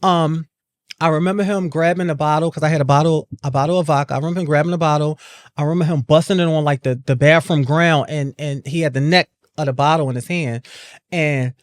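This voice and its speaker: A woman's voice: low-pitched, fairly even intonation, fast talker, dry recording, clean studio sound. A woman hosting a podcast, telling a personal story in a casual, repetitive way and often starting with "I remember.". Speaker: podcast host.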